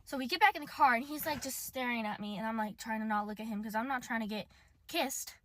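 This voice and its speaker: Bright, animated young woman telling a story. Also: fairly high pitch, fast talker, a little hiss or hum. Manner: animated, dramatic retelling. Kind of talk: casual storytime.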